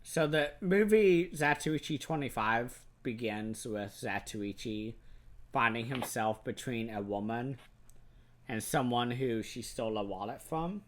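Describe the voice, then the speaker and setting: A man hosting a casual film review chat, retelling scenes with lively quoted character voices. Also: medium pitch, a little slow. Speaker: host.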